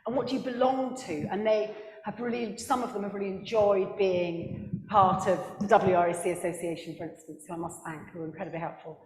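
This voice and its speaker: Woman author on a festival panel, lively storyteller, long hall echo. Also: mid-range voice. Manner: animated, quick asides, laughs at her own stories. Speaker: author and historian. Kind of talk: panel discussion at a book festival. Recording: echoey hall with long reverb.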